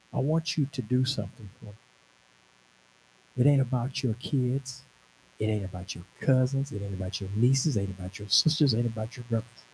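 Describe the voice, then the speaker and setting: A man's voice: medium pitch, a little mellow, slight background noise, rough recording. A man in his sixties, a minister, telling a personal testimony at a conference in a conversational, emphatic storytelling way. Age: 60s. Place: conference venue.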